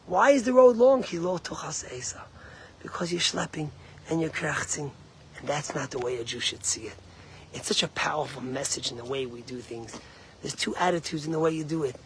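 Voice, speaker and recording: A man's voice: fairly high pitch, a little hiss or hum. A rabbi giving an emphatic sermon, mixing Hebrew and Yiddish terms into his English. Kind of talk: sermon on the weekly Torah portion.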